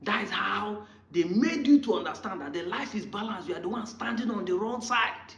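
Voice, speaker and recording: A man's voice: high voice, expressive, moderate pace, gravelly, fairly bright tone. A Nigerian man giving impassioned commentary, arguing hard and firing rhetorical questions at his critics. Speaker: political commentator. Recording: roomy, dull lo-fi recording.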